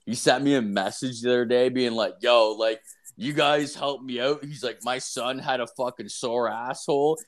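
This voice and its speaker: Speaking at a moderate pace in a steady, mid-range voice, this young man co-hosts a podcast. The conversation is relaxed, and his crude stories come packed with swearing and filler.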